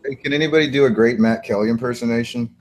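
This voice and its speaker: A man's voice: medium pitch, fast talker, a little hiss or hum. A man in a casual sports chat asking playful, teasing questions.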